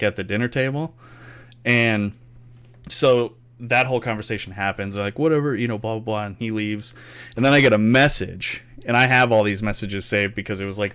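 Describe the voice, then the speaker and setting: With a smooth, lowish voice, this young man runs a casual podcast and spins gaming stories. The talk is a relaxed storytelling chat, full of animated delivery, free swearing, and acted-out quotes.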